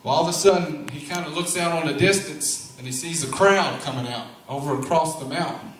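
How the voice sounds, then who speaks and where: A man's voice: fairly high pitch, brisk, fairly bright tone, slight background noise. A man narrating a Bible story at a church play, in a homespun, drawling way with preacher-like asides. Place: large church sanctuary. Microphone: far camera. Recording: very echoey hall, recorded from far off.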